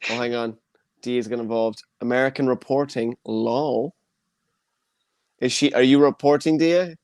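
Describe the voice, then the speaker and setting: A man's voice: medium pitch, steady tone, darkish tone, dry recording. An Irish man hosting an online comedy show, bantering and teasing his guests over a video call. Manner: teasing, quick to joke.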